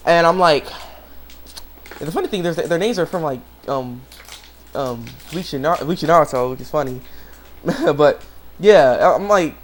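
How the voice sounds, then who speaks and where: A man's voice: fairly high pitch, normal speed, slight background noise. A man giving a casual, rambling episode review, full of fillers and restarts, now and then acting out characters' lines. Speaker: anime reviewer. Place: home room with a dog nearby.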